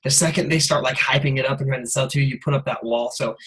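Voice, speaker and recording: A man giving an energetic, casual motivational talk on a sales call, full of "like" and "you guys.". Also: mid-range voice, quick pace, poor audio. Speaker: guest speaker on a sales call.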